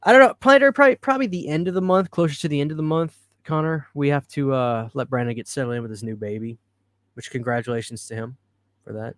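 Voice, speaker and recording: A man's voice: mid-range voice, fast, no room sound, studio quality. Chatty man hosting a live stream. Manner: chatty, reads and answers viewer comments, laughs easily. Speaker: livestream host. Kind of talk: casual live chat. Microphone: studio microphone.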